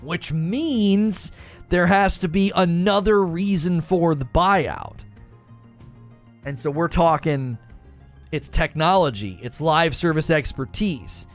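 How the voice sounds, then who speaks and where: A man's voice: on the high side, slow, soft background music. A man hosting a gaming live stream, talking casually, rambling, joking and repeating himself as he reads chat.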